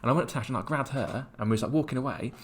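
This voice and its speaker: A man from England telling a rambling, animated travel story in casual podcast chat, with many restarts. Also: mid-range voice, rapid-fire, a little hiss or hum. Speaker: podcast co-host.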